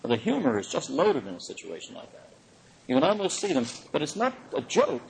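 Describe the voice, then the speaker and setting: A man giving a lecture on the Bible in an animated way, chuckling often and swinging his pitch for emphasis. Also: a little fast, creaky, slight background noise, poor audio. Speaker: Bible teacher.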